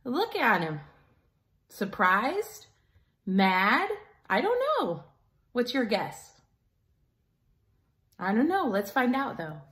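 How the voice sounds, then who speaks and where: A woman teacher reading a picture book aloud to children in an animated way, pausing to ask them questions. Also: fairly high pitch. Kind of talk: children's story time.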